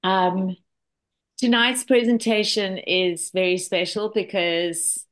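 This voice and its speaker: Woman, 60s, from South Africa, middle pitch; eager and chatty presenter on a video call. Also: fairly even intonation, slow pace. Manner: chatty, enthusiastic testimonial with many fillers. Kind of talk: online product presentation.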